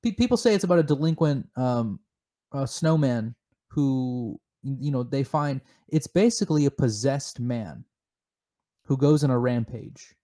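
A man co-hosting a comedic chat show, spinning deadpan, mock-serious theories with lots of halting restarts. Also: mid-range voice. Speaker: podcast co-host.

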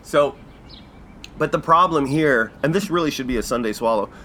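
A Canadian man hosting a podcast, telling a casual story with laughs and acting out quotes in jumpy high voices. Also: normal speed, bright, forceful tone, a little hiss or hum. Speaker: podcast host.

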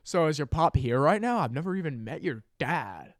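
A man's voice: fairly high pitch, sing-song, moderate pace, dry recording. A man co-hosting a podcast in casual, joking banter. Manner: joking, loud outbursts, goofy voices. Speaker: podcast co-host.

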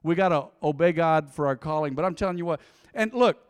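A man preaching a sermon as pastor, conversational and lively, with sudden loud bursts and quiet drops. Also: fairly high pitch, brisk, clean tone, in a large hall.

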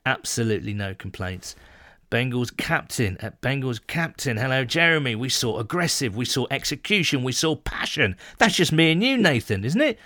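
A man from the United Kingdom hosts a casual fan podcast. He reads listener messages and answers each with a quick joke. His voice sits close and dry on the mic, with no room sound. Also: mid-range voice, very animated, bright, forceful tone, dry recording. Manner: chatty, jokey, reads messages then reacts. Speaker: podcast host.

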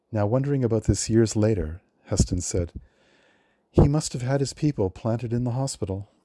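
Male storyteller, low and mellow, slightly husky; reads a scripted film history, close dry mic. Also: no room sound. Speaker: film librarian guest. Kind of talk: reading a prepared film history.

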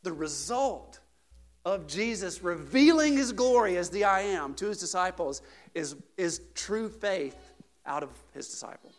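A man's voice: high-pitched, unhurried, faint music behind. A man preaching a conversational sermon as a pastor, telling stories animatedly and checking in with the congregation with "right?" and "okay?". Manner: chatty, peppers points with "right?" and "okay?"; animated storyteller, builds to emphatic peaks.

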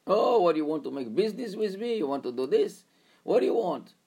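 A man's voice: high voice, sing-song, brisk, breathy edge, voice pushed up, full character voice. A man voicing a brash, mocking secular taxi driver in a story he tells. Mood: haggling. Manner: loud, scoffing, boastful.

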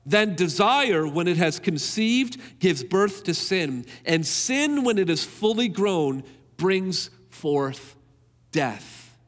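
A man's voice: high-pitched, big pitch swings, slow pace, few pauses, fairly bright tone, in a large hall. A man preaching a sermon in an earnest, emphatic way, repeating key phrases to drive them home.

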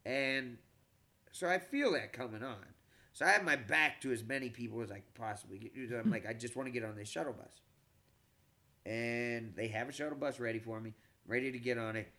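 A middle-aged man, a comedian, telling a long story in a casual, animated, profane way, with frequent stammered restarts. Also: medium pitch, fairly quick.

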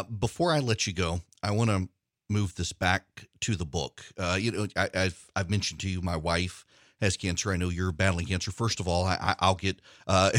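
A middle-aged male radio host with a fairly low voice talks earnestly and reflectively, often restarting his sentences. His studio microphone gives a close, dry sound with no room around it. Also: fairly bright tone, no echo. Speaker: radio talk show host. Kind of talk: casual radio interview chat.

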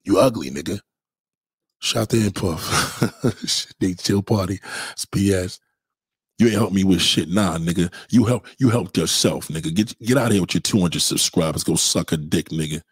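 Brooklyn man, husky, profane roast-style livestreamer. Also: low voice, moderate pace, no echo. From Brooklyn, New York. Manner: profane, mocking, loud bursts of insults. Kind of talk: trash-talking livestream rant.

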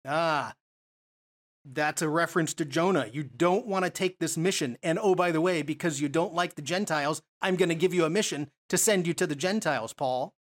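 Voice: medium pitch, normal speed. Conversational preacher full of rhetorical questions. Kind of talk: sermon, Bible teaching.

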